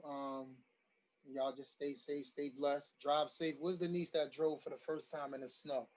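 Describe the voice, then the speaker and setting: Over a video call, a man hosts a livestreamed community forum, speaking emotionally and rallying people while repeating phrases for emphasis. His voice sits on the high side, and the recording has its highs cut off.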